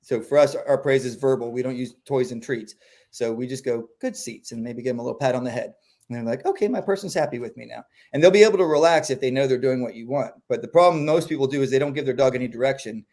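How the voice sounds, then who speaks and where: A man who trains dogs, talking through training tips in a relaxed, animated way and acting out the quotes he gives. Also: medium pitch, quick pace. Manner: animated, acts out quotes in voices. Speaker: dog trainer. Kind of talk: casual explanatory chat.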